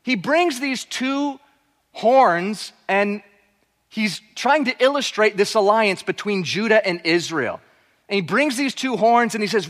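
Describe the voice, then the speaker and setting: A man preaching a sermon on a Bible passage, animated, acting out the characters' voices as he goes. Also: sits high, measured pace. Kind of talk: expository sermon. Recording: hall reverb.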